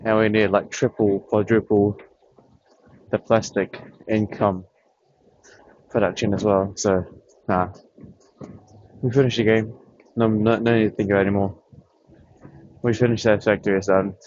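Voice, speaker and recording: A man's voice: fairly low pitch, flat delivery, a little mellow, no echo, lo-fi sound. Breathless man rambling about games. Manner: rambling, thinking aloud with pauses. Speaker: vlogger. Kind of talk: casual chat about games.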